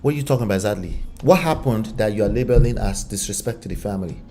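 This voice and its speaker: A man's voice: on the low side, animated, rapid-fire, warm tone, faint music behind. A man with a Nigerian accent giving casual relationship commentary, firing off rhetorical questions.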